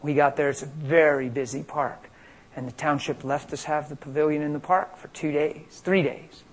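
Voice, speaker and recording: Man, preacher, sermon, husky, slightly high pitch, animated storytelling. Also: normal speed, rough recording. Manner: animated storytelling, acting out quotes.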